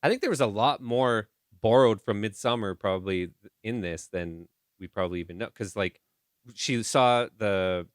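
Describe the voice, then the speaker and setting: A man's voice: lowish voice, normal speed, clear, resonant tone, dry recording, studio quality. A man co-hosting a casual film review podcast, joking and swearing freely. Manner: profane, joking. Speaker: podcast co-host.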